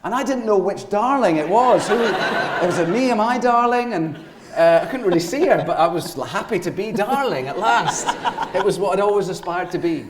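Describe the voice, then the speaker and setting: Talking at normal speed with few pauses, this Scottish guest actor in his forties has a voice that sits high. He rambles through lively stories with laughter during a live on-stage interview, heard in an echoey room with a crowd behind him.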